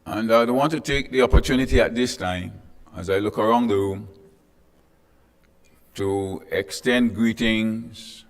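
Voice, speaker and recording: A man's voice: sits low, big-room sound. A man from Tobago with a Tobagonian accent, acting as emcee of a formal panel in a hotel conference room. He greets the guests in a chatty way and jokes with the crowd. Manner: chatty and joking, with asides to the audience. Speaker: event emcee. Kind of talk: ceremonial address with greetings.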